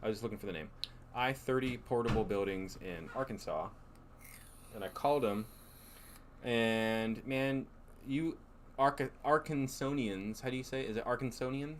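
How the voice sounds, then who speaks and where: A man's voice: medium pitch, normal speed, slight background noise. Joking man chatting on a live stream. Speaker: co-host. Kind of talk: casual live-stream chat.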